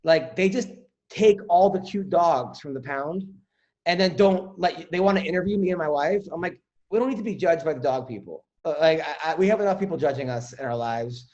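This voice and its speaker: A man's voice: fairly high pitch, a little fast, darkish tone, lo-fi sound. A man hosting a podcast, chatting casually, joking and rambling, with some swearing. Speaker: podcast host. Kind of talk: casual comedic chat.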